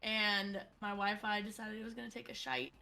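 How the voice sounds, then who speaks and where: Brief: bright, sharp-toned woman player, jokey and teasing, faint music behind. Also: mid-range voice, animated, normal speed. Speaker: tabletop game player. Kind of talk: casual chat.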